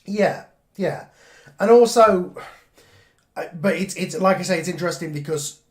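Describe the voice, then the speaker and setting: A man's voice: high voice, moderate pace. English man hosting a casual chat. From England. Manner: thinking aloud, frequent fillers and restarts. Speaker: podcast host.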